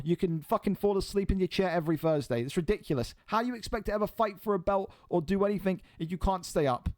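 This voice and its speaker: A man's voice: high-pitched, quick pace, hardly any pauses, darkish tone, dry recording. Blunt man commentating a live stream. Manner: blunt and exasperated, swears freely. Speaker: host and commentator of an online game fight league.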